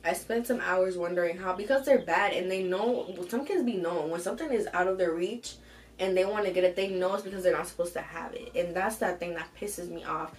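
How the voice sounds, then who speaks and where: A young woman hosting an advice show, reading a submitted story aloud and reacting to it with animated, profane commentary. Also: on the low side, fairly quick, poor audio. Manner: animated, swears freely, reacts loudly between read passages.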